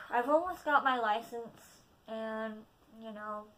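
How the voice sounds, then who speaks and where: A woman's voice: a little high, takes it slowly, a bit bright. Rambling teen girl vlogger. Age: teens. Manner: rambling with many fillers, self-deprecating. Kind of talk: casual storytime vlog.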